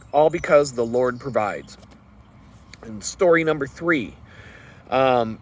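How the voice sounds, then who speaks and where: A man vlogging a personal story in an earnest, rambling way, with fillers and restarts. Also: mid-range voice.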